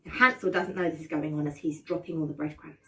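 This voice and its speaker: A drama teacher, a woman with a low-pitched voice, tells a children's story at a quick pace, full of animation and dramatic gasps as she gets her class to join in. She's far from the mic, with a little hiss or hum.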